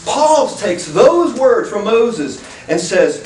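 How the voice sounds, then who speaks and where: A man preaches with fervent emphasis, his voice sitting high for a man and pushing up into near-shouts. The recording is distant and echoey, as if taken from the back of a room, with faint background hiss. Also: takes it slowly. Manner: animated, emphatic, rising to shouts. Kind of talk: sermon.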